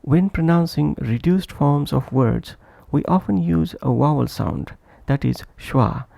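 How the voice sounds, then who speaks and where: A man teaches English pronunciation in a slow, deliberate lesson narration, repeating each example word to model its stress. His voice is heavily gravelly and dark in tone. The recording is dry and close, with no room sound. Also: a little high, no room sound.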